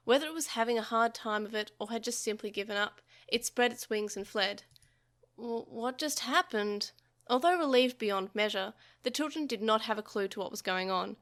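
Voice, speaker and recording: A woman's voice: fairly high pitch, fairly bright tone. A woman podcast host reading a translated novel aloud, expressively, with small slips.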